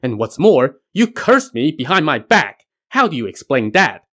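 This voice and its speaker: A man's voice: a little high, sing-song, normal speed, a bit bright. A man voicing a cocky male monkey warrior who mocks and taunts his foe. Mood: taunting. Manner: mocking, brash.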